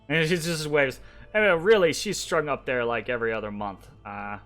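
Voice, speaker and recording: A game master narrating a tabletop game in an unhurried, hesitant way, with fillers and asides to the players. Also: mid-range voice, a bit bright.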